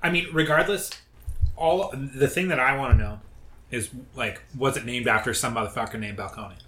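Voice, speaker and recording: A man's voice: medium pitch, normal speed, fairly bright tone, a little hiss or hum. A young man co-hosting a podcast, chatting casually in a loose, profane way. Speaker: podcast co-host. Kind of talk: casual chat. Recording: roomy echo.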